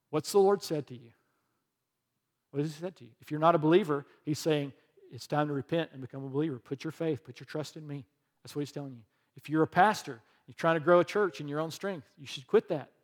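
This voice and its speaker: A man's voice: fairly high pitch, fairly quick, in a large hall. A middle-aged male pastor preaching a conversational sermon, telling a personal story and leading a closing prayer.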